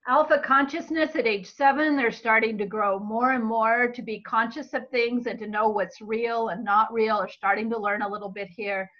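A woman giving a Bible-based teaching talk about children's minds, earnest and expressive. Her voice is slightly hoarse from talking a lot. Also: on the high side, moderate pace, hardly any pauses. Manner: earnest and expressive, acting out what parents say to children. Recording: dull lo-fi recording.

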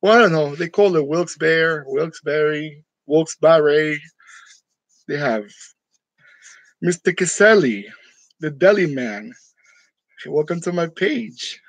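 A man's voice: a little high, lively intonation, unhurried, long pauses, dry recording, poor audio. A man from New York chatting casually with his viewers, joking and laughing often in a room decorated for Halloween. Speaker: channel host. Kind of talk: casual live chat with viewers.

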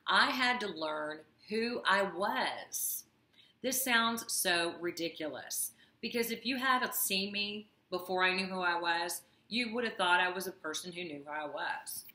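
Woman self-help coach, confiding talk to camera, bright voice, roomy echo. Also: fairly low pitch, measured pace. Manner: earnest, confiding, wry asides.

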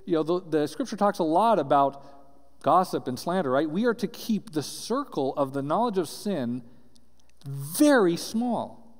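A male pastor delivers an earnest sermon, reading passages aloud and then unpacking them for his listeners. His voice sits a little high for a man. The sound carries the long echo of a church hall. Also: animated, normal speed. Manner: earnest, reads scripture aloud then explains it with frequent "right?". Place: church sanctuary. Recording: roomy church hall reverb.

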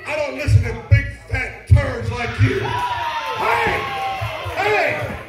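A man cutting a wrestling manager's promo, shouting insults at the crowd. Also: very high-pitched, fairly even intonation, moderate pace. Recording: echoey arena with loud crowd and music.

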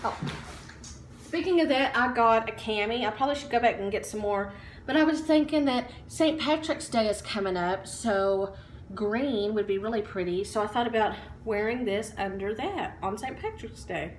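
A woman's voice: fairly high pitch, normal speed, roomy sound, a little hiss or hum. A woman chatting casually in a home haul vlog, upbeat, with lots of ums and likes. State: out of breath while standing. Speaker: vlogger. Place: room at home.

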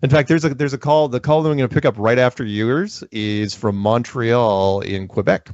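A man's voice: medium pitch, normal speed, a little mellow, dry recording, lo-fi sound. A man hosting a call-in show, joking and rambling, laughing often. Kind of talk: casual call-in chat.

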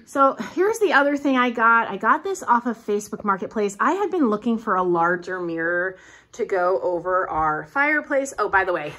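A woman's voice: mid-range voice, big pitch swings, normal speed, bright, forceful tone. A middle-aged woman chatting casually on camera at home, showing off her thrifted decor finds with plenty of enthusiasm. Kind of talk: casual vlog show-and-tell. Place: at home, moving between rooms and outdoors.

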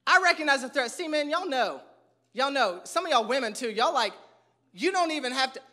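Before a live congregation, this preacher tells stories with humor and self-mockery, hammering home points through repetition in an animated style. His voice is very high and his pace brisk.

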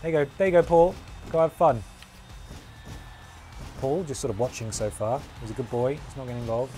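A man's voice: medium pitch, a little fast, mellow, a little hiss or hum. A man streaming a wrestling game, calling the action as mock commentary with a playful, jokey manner. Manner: playful, jokey, breaks into humming and sound effects.

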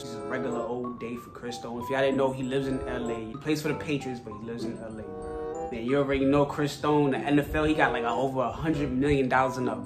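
A young man performing a comedy skit in casual street slang, boastful and excitable, saying "bro" constantly. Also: medium pitch. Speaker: comedy skit creator playing an NFL star. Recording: music playing under the voice.

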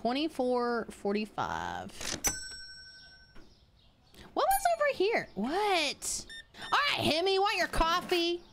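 A woman livestreaming a game with a fairly high, very lively voice. She talks to her viewers at an easy, drawn-out pace, breaking into excitable yelps and cursing at the screen. Casual, unfiltered stream chat. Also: noisy background. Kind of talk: live gaming stream chat.

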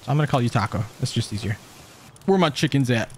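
A man streaming a game, reacting with excited, jokey commentary and frequent laughs. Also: mid-range voice, fast, a little hiss or hum. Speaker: gaming streamer.

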